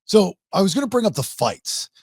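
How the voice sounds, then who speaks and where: A man hosting a casual sports podcast, his voice lively and swinging up and down in pitch as he argues. It sits a touch higher than most men's, recorded close and dry with no room sound at all. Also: a little fast, slightly rough, no room sound. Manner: animated, rising pitch when making a point. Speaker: podcast host.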